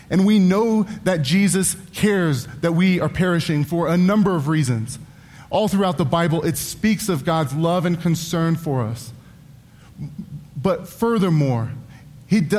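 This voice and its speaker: Pastor, man in his thirties, fairly high voice, earnest sermon with wry asides, long church-hall reverb. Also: a little slow, a little mellow.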